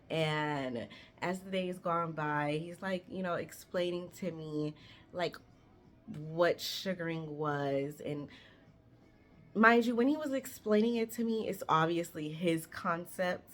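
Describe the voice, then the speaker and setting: Speaking straight to the camera, a roughly thirty-year-old woman recounts a story for her vlog audience with animated, conversational energy and plenty of swearing. Her voice is deep.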